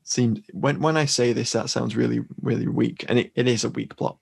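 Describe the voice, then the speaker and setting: Man, husky gravelly voice, casual podcast recap, stop-start delivery. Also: mid-range voice, fairly even intonation, darkish tone. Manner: halting, many restarts, dry humor. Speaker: podcast co-host. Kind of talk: casual film discussion.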